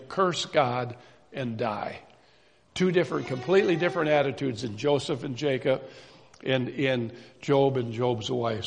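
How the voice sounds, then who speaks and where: A man preaching a sermon in a measured way, repeating key phrases for emphasis. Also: medium pitch, gravelly. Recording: reverberant hall.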